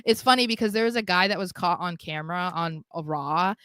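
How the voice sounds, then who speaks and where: A woman's voice: lowish voice, brisk, fairly bright tone, clean tone, dry recording, clean studio sound. A young adult woman co-hosting a casual wrestling podcast, chatty and giggly, often acting out quoted lines. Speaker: podcast co-host.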